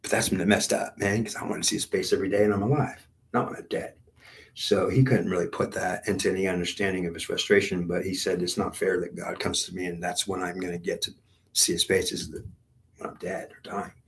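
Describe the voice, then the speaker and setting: A man's voice: low voice, flat delivery, a little fast, creaky. A man telling a rambling spiritual story in a meandering, repetitive way, full of fillers and restarts.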